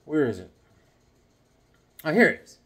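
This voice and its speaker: A man in his fifties chatting casually about comic books to his viewers in a jokey, rambling, excitable way. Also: fairly high pitch, measured pace, slightly rough. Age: 50s. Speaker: comic book vlogger. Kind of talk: casual chat to camera.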